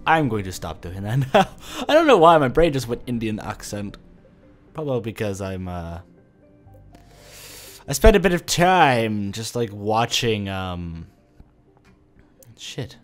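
A man's voice: lowish voice, sing-song, measured pace, pauses often, soft background music. A man giving rambling, swear-filled let's play commentary, thinking aloud as he plays. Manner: rambling and profane, often swears; thinks aloud while playing. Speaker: gamer playing a video game.

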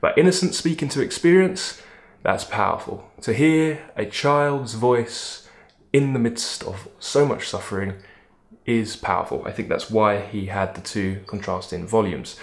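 A man teaching a poem in a lively, emphatic way, thinking aloud with frequent restarts. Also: on the low side, a little slow, vocal fry. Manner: animated, emphatic, musing with restarts. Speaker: literature teacher. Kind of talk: lecture-style video analysis.

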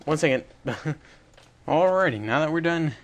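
A man's voice: a little high, lively intonation, moderate pace. Chatty young man rambling through a tutorial. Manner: rambling, self-correcting, chatty with little laughs. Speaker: tutorial host. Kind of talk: casual screen-recorded coding tutorial.

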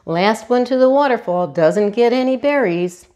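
A cocky young male dinosaur who whoops and brags, loud and very high, as a woman acts him out while reading a storybook. His voice leaps around with big swings of pitch. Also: animated, moderate pace, close to an everyday voice. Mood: rowdy.

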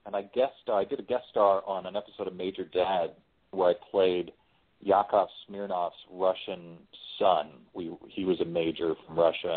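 Deep-voiced man on a tinny phone line. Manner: relaxed, chatty, frequent restarts. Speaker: interview guest, screenwriter and voice actor. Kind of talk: casual interview chat.

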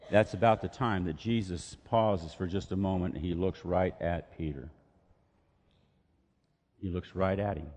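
A man's voice: lowish voice, darkish tone. A man preaching a sermon in a church, speaking conversationally and asking rhetorical questions. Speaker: pastor. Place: church sanctuary. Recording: long reverb of a church hall.

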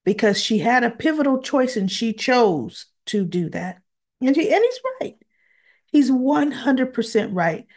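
A woman recapping a soap opera episode in a casual monologue, emotional and teary, exasperated and animated as she retells it. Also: fairly high pitch, unhurried.

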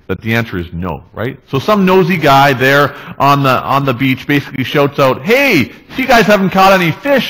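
A male pastor preaching a sermon in a relaxed, conversational way, often checking in with the congregation. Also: mid-range voice, poor audio. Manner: conversational, tag questions, restarts. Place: church.

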